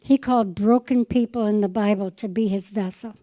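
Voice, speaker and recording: A woman's voice: mid-range voice, fairly even intonation, brisk, warm tone, no room sound, poor audio. A middle-aged woman pastor preaching a fervent sermon, acting out conversations with the Lord. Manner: fervent, quotes the Lord in dialogue.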